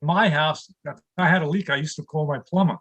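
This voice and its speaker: An older man in his sixties, from New York City, works through a stand-up set on a video call from his home studio. His voice sits a touch high for a man, and he laughs along at his own punchlines. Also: a little fast, fairly bright tone. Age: 60s. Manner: punchline-driven, chuckles at own jokes. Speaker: stand-up comedian.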